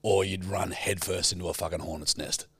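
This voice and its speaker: A man's voice: deep voice, fairly even intonation, a little fast, a bit bright, husky. A young man with an Australian accent, chatting bluntly as a podcast co-host, swearing constantly and teasing wryly. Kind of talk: casual chat.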